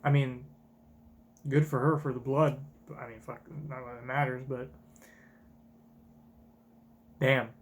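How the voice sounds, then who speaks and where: A man's voice: medium pitch, level tone, normal speed. A man reacting live to a manga chapter as a streamer, blunt and swearing often.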